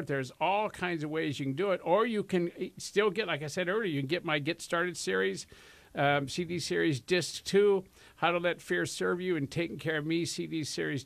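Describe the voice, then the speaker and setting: A man's voice: a little high, vocal fry, a bit bright. A man hosting a casual self-help talk show, chatty and rambling, laughing often. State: out of breath. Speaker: host.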